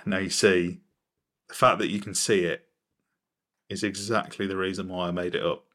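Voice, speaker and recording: Man, lowish voice, dry teasing quizmaster for a podcast chat. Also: little pitch movement, moderate pace, fairly bright tone. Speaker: podcast guest running a quiz.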